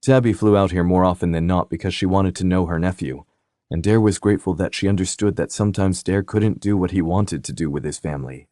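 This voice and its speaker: A man narrating a romantic suspense audiobook in a steady, even reading. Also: low voice, fairly quick, no room sound, studio quality. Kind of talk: scripted narration.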